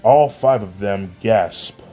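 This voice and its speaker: A man narrating a fan-made story in a plain, steady way, with small slips, over faint music. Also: lowish voice, takes it slowly. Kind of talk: amateur fan-fiction storytelling.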